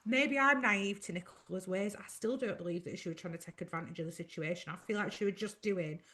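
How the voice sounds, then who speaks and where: A woman's voice: medium pitch, fairly quick, pushed and bright, husky. A woman co-hosting a soap podcast, chatting casually and offering her takes. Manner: conversational, reads listener comments. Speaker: podcast co-host. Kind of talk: casual chat about a soap.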